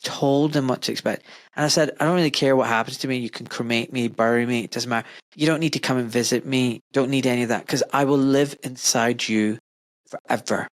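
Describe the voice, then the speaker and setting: Guy hosting a podcast, mid-pitch voice, dry close mic, gets animated and emphatic. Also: fairly quick, dry recording. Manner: animated, rising emphatic questions. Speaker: podcast host; doctor. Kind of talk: casual conversation.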